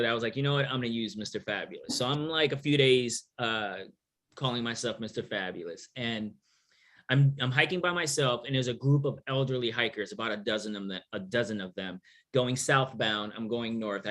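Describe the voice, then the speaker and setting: With a bright, forceful, mid-range voice, a middle-aged man from New York City spins a casual story in a Q&A. He's a guest there as an author and thru-hiker, cracking jokes and acting out the voices of those he quotes.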